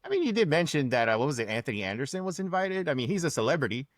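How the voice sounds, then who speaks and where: A man's voice: on the high side, big pitch swings, rapid-fire, no room sound, clean studio sound. A man co-hosting a podcast in casual chat, upbeat and teasing, laughing often. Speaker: podcast co-host.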